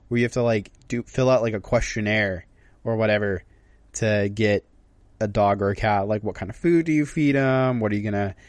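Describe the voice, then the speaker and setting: A man with a lowish voice co-hosts a casual podcast. He talks in a relaxed, hesitant way, full of fillers. The sound is dry and close. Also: a little fast, dry recording. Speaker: podcast co-host. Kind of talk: casual chat.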